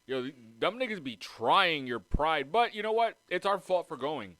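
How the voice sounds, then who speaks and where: A man's voice: on the high side, sing-song, moderate pace, fairly bright tone, dry recording. A man hosting a casual podcast from home, rambling and swearing freely as he jumps between topics and drifts around the mic. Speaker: podcast host. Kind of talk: casual chat. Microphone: moves around the mic.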